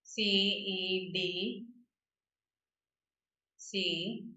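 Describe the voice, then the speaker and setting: A woman's voice: medium pitch, steady tone, drawn-out words, sharp tone, reverberant, lo-fi sound. A woman teaching a grammar lesson for exam prep, explaining patiently and often checking with "right?".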